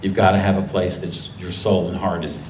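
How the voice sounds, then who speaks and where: Man doing an older golf legend, earnest and plain, low voice, in a roomy, echoing hall with faint noise underneath. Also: level tone, fairly quick, a little mellow, far from the mic, natural voice.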